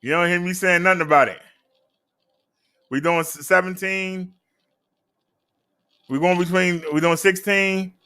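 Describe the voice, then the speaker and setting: A man's voice: high-pitched, fairly even intonation, measured pace, pauses often, bright, forceful tone, clean tone. A man hosting a casual live stream, chatting with viewers in a laid-back, direct way. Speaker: live-stream host reviewing e-bikes.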